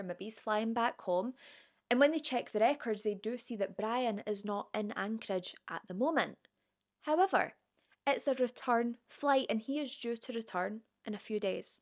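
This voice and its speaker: A woman telling a true crime story in a casual, chatty way, with conversational asides to the viewer. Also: on the high side.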